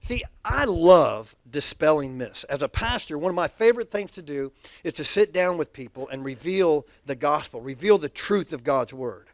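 Lively male pastor, higher register, clean dry mic, rallies the congregation. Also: moderate pace, no echo. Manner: energetic call-and-response preaching. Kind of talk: sermon. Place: church sanctuary.

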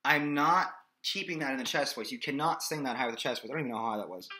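Over music, a vocal coach with a medium-pitched voice talks fast while giving a singing lesson. He explains things casually, includes sung demonstrations, and keeps checking in with "okay?".

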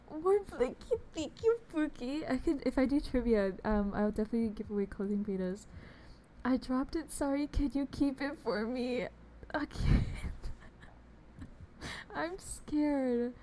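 A woman's voice: high voice, unhurried, mellow, a little hiss or hum. A young woman streaming a game live, chatting casually and bubbly with her viewers, laughing often. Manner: bubbly, giggly, talks to chat.

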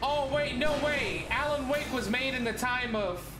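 Young streamer guy with a high lively voice, game audio loud behind him, roomy room. Good for excitable let's play banter. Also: unhurried, background noise. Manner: excitable, swears, laughs often. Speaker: gaming streamer.

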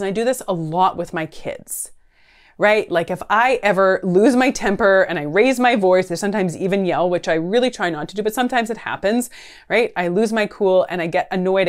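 A woman in her thirties, a counsellor, giving conversational advice to camera, earnest, with frequent tag questions and fillers. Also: mid-range voice. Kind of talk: talking-head advice video.

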